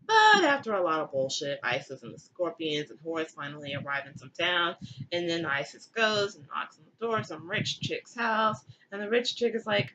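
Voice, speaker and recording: A woman's voice: on the low side, expressive, normal speed, pushed and bright, dull audio, slight background noise. A young woman retelling a myth in a giggly, irreverent comic style with crude asides. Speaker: comedic storyteller.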